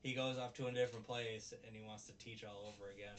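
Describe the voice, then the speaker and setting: A man excitedly recapping anime episodes in a casual, rambling review, now and then acting out lines in goofy voices. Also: on the low side, fast, recorded from a distance, slight background noise. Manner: enthusiastic, rambling, acts out quotes in goofy voices.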